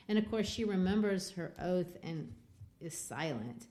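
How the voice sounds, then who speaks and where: A woman's voice: on the low side, lively intonation, unhurried, dark tone. A woman hosting a literature podcast, retelling a classic novel with enthusiasm. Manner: enthusiastic, retelling scenes with quotes. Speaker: podcast host and literature teacher.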